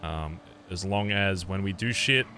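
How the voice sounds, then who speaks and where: A man's voice: sits low, measured pace, noisy background. A man in character as a biker club leader in a game role-play, swearing constantly and rambling with many fillers.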